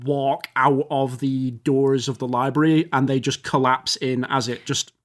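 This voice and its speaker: A man's voice: medium pitch, level tone, measured pace. A man narrating as game master, rambling and descriptive with fillers.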